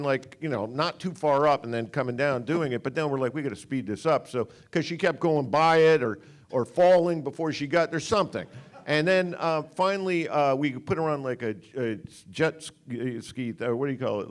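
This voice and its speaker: A man's voice: on the high side, normal speed. Rambling man telling stories on stage. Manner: rambling anecdotes with restarts. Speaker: film director at a Q&A. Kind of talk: storytelling on stage. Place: cinema stage.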